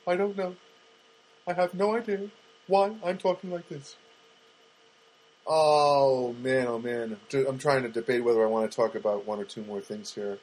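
A middle-aged man hosting a podcast, rambling through a comic monologue with halting restarts and dry, self-mocking jokes. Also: mid-range voice, flat delivery, a little mellow, rough recording. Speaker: podcast host.

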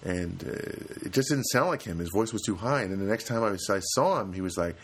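A man with a lowish voice talks through a solo comedy podcast in a loose, rambling way. He stumbles, restarts and pokes fun at himself as he goes. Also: expressive, fairly quick, hardly any pauses, slightly rough. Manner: rambling, self-deprecating, many restarts. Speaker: podcast host. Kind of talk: casual comedic monologue.

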